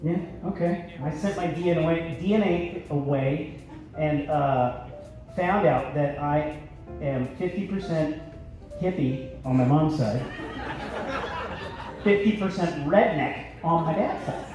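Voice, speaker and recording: Male stand-up comic, brash, high-pitched voice, booming echoey theater, heard from afar, music behind. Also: takes it slowly, pauses often, far from the mic. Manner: brash, switches into gruff Philly voices for bits. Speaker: stand-up comedian. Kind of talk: stand-up comedy set. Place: large theater stage with live audience.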